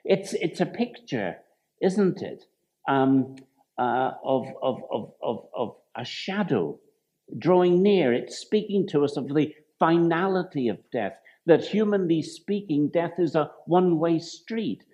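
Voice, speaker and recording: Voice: mid-range voice, lively intonation, unhurried, mellow. A preacher giving a reflective sermon, who stumbles, corrects themself and asks the listeners rhetorical questions. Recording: dull lo-fi recording.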